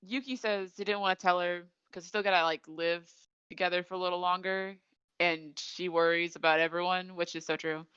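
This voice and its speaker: A woman's voice: fairly low pitch, steady tone, a little fast, a bit bright, clear, resonant tone, no echo. A young woman hosting a podcast, animatedly retelling an anime episode with frequent giggles. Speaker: podcast host. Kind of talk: casual chat recapping an anime episode. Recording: dull lo-fi audio.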